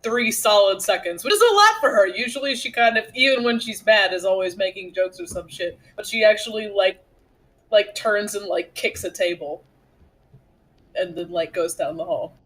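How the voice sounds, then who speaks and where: A tabletop role-playing player with a bright voice, who speaks bluntly and swears freely while describing their character's actions. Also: medium pitch, animated, normal speed, rough recording. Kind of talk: tabletop game play.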